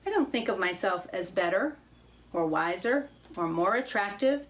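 A woman reading the part of a humble dove in a children's story, speaking softly and modestly. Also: mid-range voice, lively intonation, moderate pace, lightly acted. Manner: soft, humble. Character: modest gentle female dove.

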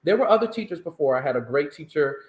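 A male countertenor singer telling his story as an interview guest, animated and emphatic in conversation. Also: on the high side, quick pace. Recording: roomy echo.

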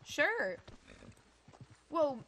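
Woman streamer, high bright voice, excitable and self-mocking. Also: extremely slow. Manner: excitable, panicky exclamations. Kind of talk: live gameplay reaction.

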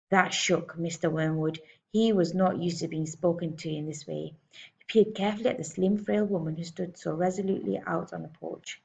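A woman teacher reading a children's novel aloud with clear, expressive narration. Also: lowish voice, fairly quick. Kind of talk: storybook read-aloud.

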